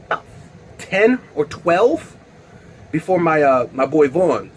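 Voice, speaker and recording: A man's voice: a little high, very animated, slow, slight background noise. A man telling a personal story in a casual, slangy way, with lots of fillers and laughs. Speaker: storyteller vlogger.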